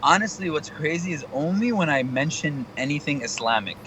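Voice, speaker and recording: A young male comedian chatting as a radio guest, animated and motivational in tone. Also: fairly high pitch, fairly quick, slight background noise, poor audio. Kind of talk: casual radio interview chat.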